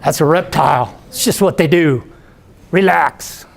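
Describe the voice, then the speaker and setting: A man voicing a laid-back redneck gator guide with a slow, unbothered Florida drawl. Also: a little high, vocal fry. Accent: Florida Southern drawl.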